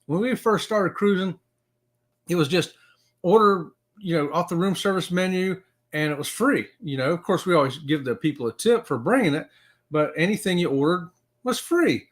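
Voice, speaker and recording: A man's voice: sits high, expressive, moderate pace. A middle-aged man hosting a casual live-stream chat, rambling with fillers and greeting viewers by name. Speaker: live-stream show host.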